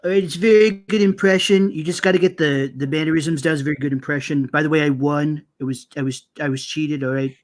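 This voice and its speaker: A bragging, blustering older politician, as a man puts him on for laughs. He rattles along quickly in a slightly raised voice, repeating himself and patting his own back. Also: a little high, fairly even intonation, lightly acted. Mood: boastful. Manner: repetitive bragging, self-praising. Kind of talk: comic impression.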